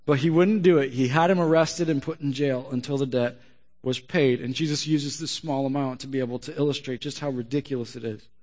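A man's voice: mid-range voice, steady tone, fairly quick, a little mellow. A male pastor preaching a sermon in a conversational way, often asking the audience questions. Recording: long reverb of a large hall.

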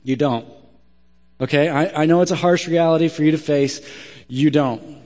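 A man's voice: on the high side, normal speed, a little mellow, faint music behind. A man preaching a sermon as pastor, blunt and emphatic in his direct way of talking. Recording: long hall reverb.

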